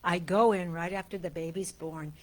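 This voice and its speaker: A woman's voice: lowish voice, steady tone. Older woman minister telling stories. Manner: chatty storytelling, then slow deliberate reading. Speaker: guest minister. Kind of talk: sermon with personal stories and prayer reading.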